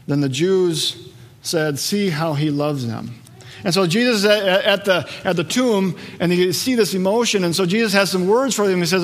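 A pastor with a high-pitched voice preaches at a moderate pace, telling stories with energy and acting out the voices of their characters. His lively delivery carries the long reverb of a large hall.

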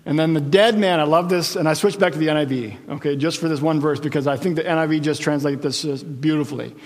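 Animated male pastor in a reverberant hall. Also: on the high side, quick pace. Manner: animated storytelling with asides and jokes. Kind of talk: sermon.

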